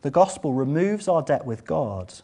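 A man's voice: sing-song, normal speed, dark tone. Earnest man preaching a sermon. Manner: earnest, uses rhetorical questions; rises and falls in pitch for emphasis.

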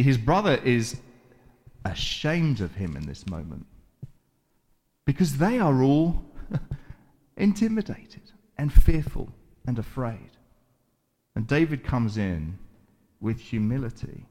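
A man preaching a sermon, retelling a Bible story with dramatic pauses, repeated words and voiced quotes from the characters. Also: mid-range voice, a little mellow. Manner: measured, deliberate delivery with repeated words.

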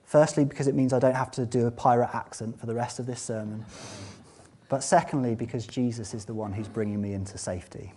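A man preaching a sermon, swinging between loud, fervent exclamations and quiet, conversational asides. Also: mid-range voice, steady tone, fast talker, breathy edge. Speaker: pastor.

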